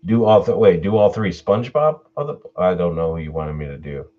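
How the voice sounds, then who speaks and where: A man who narrates horror stories online, chatting casually in a relaxed, laughing way. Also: low-pitched, fairly quick, highs cut off. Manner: relaxed, laughing, answers voice requests. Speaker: YouTube horror story narrator. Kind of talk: casual Q&A chat.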